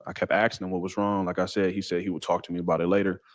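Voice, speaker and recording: A man telling a personal story in a casual, halting way with many fillers and restarts. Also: low voice, flat delivery, dry recording, studio quality. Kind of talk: casual first-person account.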